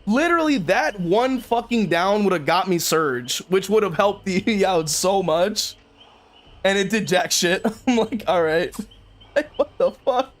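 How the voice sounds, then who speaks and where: Brief: young man, high voice, venting casually to chat while gaming, sweary and exasperated. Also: animated, measured pace. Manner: exasperated, swearing, frequent laughs. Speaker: game streamer. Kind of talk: casual livestream commentary.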